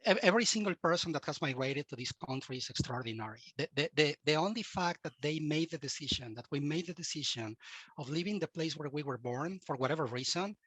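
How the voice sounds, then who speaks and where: A man's voice: a little high, lively intonation, a little fast, a bit bright, husky, no room sound. A man from Mexico with a Mexican Spanish accent, Spanish his first language, giving earnest advice as a guest in an interview and often repeating words as he restarts. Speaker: guest expert.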